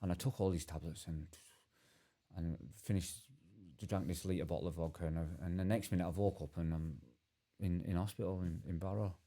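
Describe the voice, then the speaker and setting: A man telling his own story as a podcast guest, earnest and halting with many restarts. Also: sits low, fairly even intonation, dark tone. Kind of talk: candid personal storytelling.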